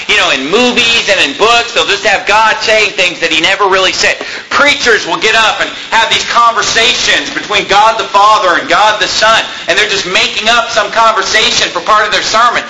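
A man preaching a sermon as pastor of a church, emphatic and rising to forceful exhortation. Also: high-pitched, animated, fairly quick, hardly any pauses, noisy background.

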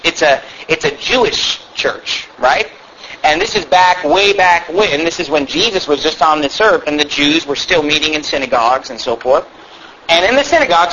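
A male pastor preaches with a high, bright voice, pressing each point and repeating it. He throws questions at his listeners as he goes. The recording sounds dull, with faint hiss underneath. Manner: emphatic, repetitive, rhetorical questions to the congregation. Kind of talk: sermon.

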